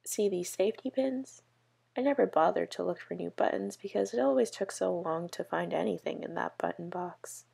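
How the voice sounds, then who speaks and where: A kindly old grandmother in a storybook, amused and easygoing, read aloud by a woman. The voice is low and gravelly with a husky grain. It stays close to the reader's own voice. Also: moderate pace, warm tone, full character voice.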